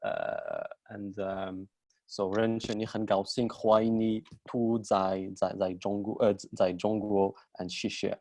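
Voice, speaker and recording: A man in his thirties from Morocco, a university lecturer, speaking haltingly and carefully over a video call. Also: fairly low pitch, level tone, a little mellow, no echo, studio quality. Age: 30s. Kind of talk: halting self-introduction.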